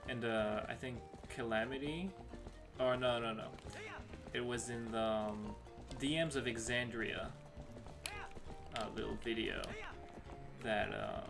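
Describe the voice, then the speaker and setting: A young adult man casually commenting while playing a game, rambling with many fillers and asides. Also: medium pitch. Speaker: let's play host.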